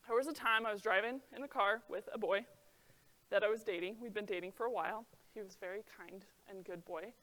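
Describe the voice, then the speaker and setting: A young adult woman giving an earnest talk to a young audience, chatty and full of "like" fillers, telling stories with lively feeling. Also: mid-range voice. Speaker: presenter.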